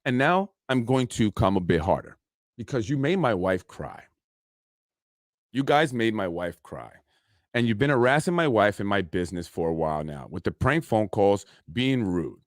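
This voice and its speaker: A man's voice: on the low side, sing-song, normal speed, no room sound, clean studio sound. A man hosting his own podcast, talking casually in an aggrieved, indignant, rambling way. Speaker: podcast host. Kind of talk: casual solo podcast monologue.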